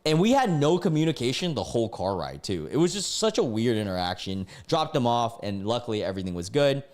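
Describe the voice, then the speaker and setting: A man's voice: medium pitch, big pitch swings, a little fast, a little mellow. A man streaming from home, telling a personal story in a casual, rambling way with many fillers and self-corrections.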